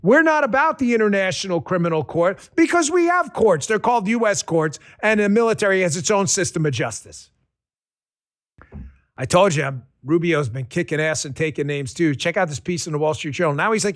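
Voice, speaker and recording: A man hosting a political commentary podcast, talking in a sarcastic, excitable rant that keeps tipping into laughter. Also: high-pitched, fairly quick, dry recording, clean studio sound. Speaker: podcast host.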